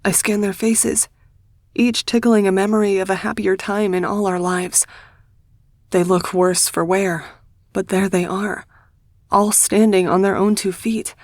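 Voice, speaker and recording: A woman reading a first-person audiobook in a measured, intimate storytelling manner on a close studio mic. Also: mid-range voice, steady tone, dry recording. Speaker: audiobook narrator.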